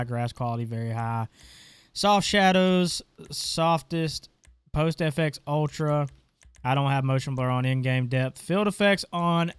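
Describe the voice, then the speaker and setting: A man with a voice on the high side hosts a casual gaming tutorial, screen-recorded as he clicks through settings and talks offhandedly. His tone is clean with no echo, though he sounds congested and stuffy.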